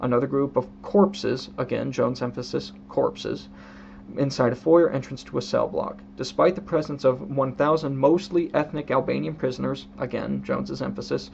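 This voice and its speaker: A man giving a casual spoken book review in an unhurried, explanatory way, reading quoted passages aloud and marking each quote and emphasis. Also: medium pitch, steady tone, gravelly, a little mellow. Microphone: own camera setup. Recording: dull lo-fi recording with faint hum.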